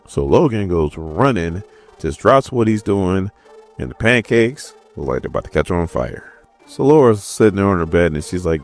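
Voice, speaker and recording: Man, comics reviewer, low voice, lively jokey delivery, soft music bed. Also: normal speed, no echo. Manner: animated, joking storyteller. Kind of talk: casual comic recap commentary.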